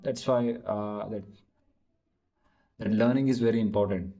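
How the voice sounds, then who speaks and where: A man practicing spoken English in conversation, halting and searching for words, with many restarts. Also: lowish voice, fairly even intonation, dark tone, rough recording. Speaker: English learner practicing speaking.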